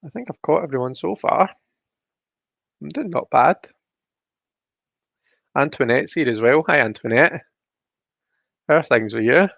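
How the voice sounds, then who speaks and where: A man's voice: a little high, lively intonation, unhurried, gravelly, pauses often, a bit bright, dry recording. A man hosting a casual live stream, chatty as he greets viewers by name and reads the chat aloud. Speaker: livestream host. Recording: dull, dry lo-fi stream audio.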